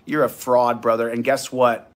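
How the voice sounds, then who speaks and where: A man's voice: medium pitch, little pitch movement, moderate pace, no room sound. A young man in a heated, profane rant to his vlog audience, repeating himself as he vents. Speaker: vlogger. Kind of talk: angry rant to camera.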